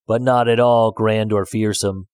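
A man's voice: on the low side, fairly even intonation, a little slow, a little mellow, clear, resonant tone, no echo, clean studio sound, natural voice. A man voicing a bunch of fussy, discontented little frogs in a storybook reading, with a whiny, pleading manner. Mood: complaining.

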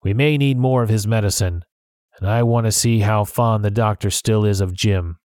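A man voicing a genial, scheming old male pirate cook in a storybook reading, in a higher jovial voice. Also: normal speed, a little mellow, no room sound, studio quality, natural voice. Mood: crafty.

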